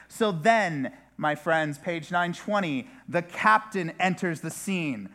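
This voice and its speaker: A male pastor delivers a sermon in a loose, chatty way, often restarting his sentences and adding asides. His voice sits a little high for a man. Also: animated, takes it slowly, hardly any pauses, bright, forceful tone.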